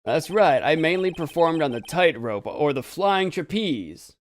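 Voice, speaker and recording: A man voicing a male former circus acrobat who now uses a wheelchair, speaking slowly and deliberately, as a video game voice-over reading. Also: a little high, lively intonation. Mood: calm.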